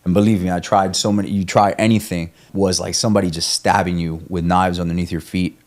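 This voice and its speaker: A man's voice: low-pitched, little pitch movement, fast. A young man talking candidly on a podcast, rambling and swearing as he tells a running story, often restarting his sentences. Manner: rambling, profane, self-coaching, frequent restarts. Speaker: guest, ultramarathon runner. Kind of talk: candid conversational podcast talk.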